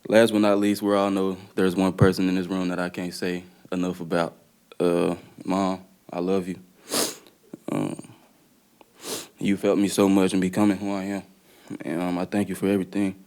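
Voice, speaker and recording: Young guy from dallas reading his statement at a press conference, deep steady voice, kinda flat, says uh a lot. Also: moderate pace, smooth. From Dallas area, Texas. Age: young adult. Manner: plain, earnest delivery with frequent "uh" and "um". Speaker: college basketball player.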